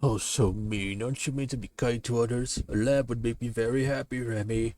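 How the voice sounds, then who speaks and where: A man's voice: medium pitch, steady tone, a little fast, darkish tone, natural voice. A man voicing a sly, hungry male wolf in a playful dramatic reading of a comic, whiny and theatrically pleading. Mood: wheedling.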